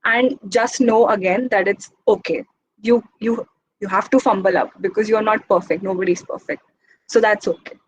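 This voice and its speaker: A young woman giving an informal talk as guest speaker, speaking quickly in a chatty, encouraging way. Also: medium pitch, fairly even intonation, slightly rough, low-quality recording. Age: young adult.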